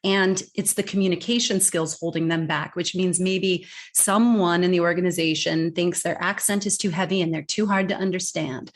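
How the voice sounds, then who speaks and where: Interview guest: a woman communication coach with a lowish voice, talking fast and with emphasis. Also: steady tone. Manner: quick, emphatic, restarts words, voices her clients' lines. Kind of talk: interview conversation.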